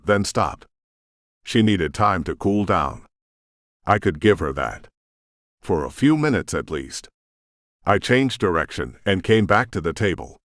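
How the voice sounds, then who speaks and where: Male audiobook narrator, very low voice, expressive, dry studio sound. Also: no room sound. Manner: intense, expressive storytelling. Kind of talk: first-person fantasy narration.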